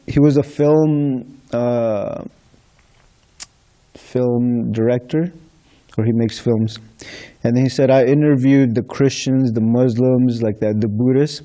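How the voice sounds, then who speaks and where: A man's voice: medium pitch, warm tone. A man telling anecdotes to a congregation about handing out books, acting out the conversations and chuckling between stories. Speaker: book distributor sharing experiences. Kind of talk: casual anecdotal storytelling to a congregation.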